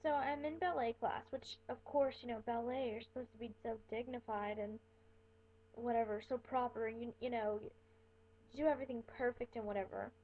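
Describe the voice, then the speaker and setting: A woman's voice: on the high side, steady tone, moderate pace. A young woman casually telling a personal story in a rambling, chatty way, full of fillers. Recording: tinny phone-like webcam audio.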